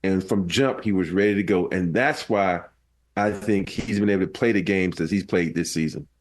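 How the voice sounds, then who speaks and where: A man with a fairly low voice, co-hosting a casual sports podcast. He talks in an easygoing way and likes to tease the others. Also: normal speed, slight background noise. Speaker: podcast co-host.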